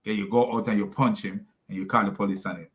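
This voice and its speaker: A man's voice: fairly low pitch, steady tone, quick pace, fairly bright tone. A man with a foreign accent giving scornful reaction commentary on videos, laughing often as he mocks. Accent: non-native English.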